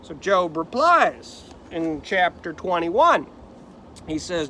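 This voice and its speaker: Slow, high-voiced male Bible teacher. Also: big pitch swings, sharp tone, slight background noise. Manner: explanatory, dramatic reading. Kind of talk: Bible study lesson.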